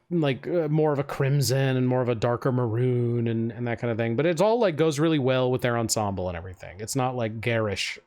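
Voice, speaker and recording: A man's voice: medium pitch, a little mellow. A man running a tabletop game as game master, describing scenes in rambling, filler-heavy speech.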